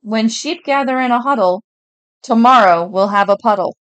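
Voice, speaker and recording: A woman's voice: on the high side, moderate pace, a bit bright, clear, resonant tone. A woman co-hosting a casual podcast, reading out facts in a mock newscaster manner. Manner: reads listed facts, mock newscaster delivery. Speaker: podcast co-host.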